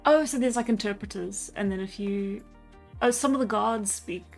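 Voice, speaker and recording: A woman's voice: medium pitch, normal speed. Chatty South African woman streamer. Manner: chatty, laughs often, many fillers. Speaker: livestream host. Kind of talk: casual chat, reading out chat comments. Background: faint background music.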